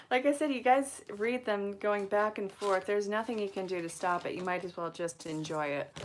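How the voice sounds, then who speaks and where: A woman's voice: medium pitch, normal speed, a little hiss or hum. A woman from Vermont with an accent blending Vermont and New York, hosting a casual angel card reading and chatting with her viewers as she goes. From Vermont, USA. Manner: chatty, rambling, talks to viewers between cards. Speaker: angel card reader, host.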